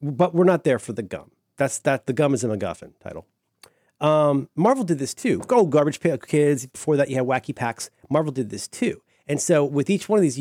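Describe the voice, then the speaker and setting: A man's voice: medium pitch, darkish tone, dry recording, clean studio sound. A middle-aged man chatting casually as a podcast co-host, enthusiastic and rambling, full of fillers and restarts. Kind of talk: casual chat.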